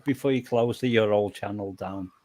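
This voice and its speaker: A man's voice: lowish voice, moderate pace, a little mellow. Man, musician guest, stammering, repeating words, hiccups, casual chat.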